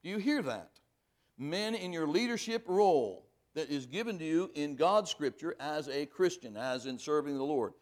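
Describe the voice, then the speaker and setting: A man preaching a sermon, reading scripture aloud and pressing each point hard, then dropping to quiet asides. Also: fairly high pitch, lively intonation, moderate pace.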